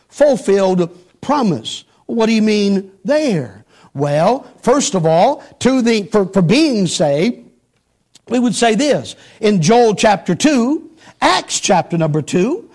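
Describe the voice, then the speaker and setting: Preaching with emphasis, this middle-aged man has a very high-pitched voice. Rhetorical questions send his pitch climbing sharply, and he repeats phrases to drive points home.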